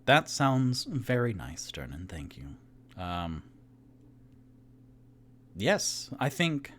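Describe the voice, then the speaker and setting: A man voicing a humble, shy male elephant bard who speaks softly and haltingly in a tabletop game. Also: lowish voice, sing-song, full character voice.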